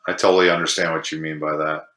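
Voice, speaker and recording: A man's voice: a bass voice, little pitch movement, quick pace, pushed and bright. A man from Chicago with a Chicago accent, a screenwriter chatting as a podcast guest in a self-deprecating way. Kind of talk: casual podcast chat. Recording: echoey room.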